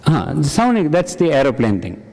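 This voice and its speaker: In a large hall with an audience, a man leads an interactive satsang class, quizzing listeners and praising their answers. His fairly high, darkish voice swings hugely in pitch at a normal speed. The recording echoes with the reverberant hall.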